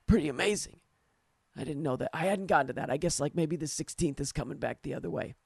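A man putting on the voice of a golfer at a bar recounting a long, animated story of his round. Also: a little high, fast talker, vocal fry, husky, no echo, clean studio sound. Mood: storytelling. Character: adult male golfer spinning a long tale.

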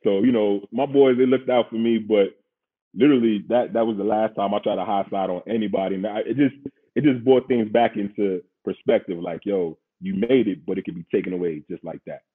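Guest storyteller: New man, husky and slangy, sounds like a phone line. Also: on the low side, brisk. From Queens, New York. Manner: animated, slangy, acts out quotes. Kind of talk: casual storytelling.

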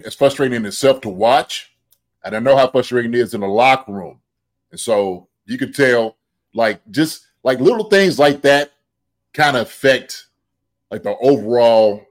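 A man talks through a game in a relaxed podcast chat, his voice sitting at an ordinary middle pitch. He slips into quoted voices that jump up in excitement, then settles back into easy analysis. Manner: animated, acts out quotes in raised voice. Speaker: podcast co-host, football analyst. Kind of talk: casual sports chat.

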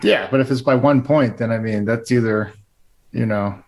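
A man co-hosting a sports podcast, talking in a relaxed, joking way. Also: medium pitch, normal speed, slight background noise. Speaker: podcast co-host. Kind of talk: casual sports chat.

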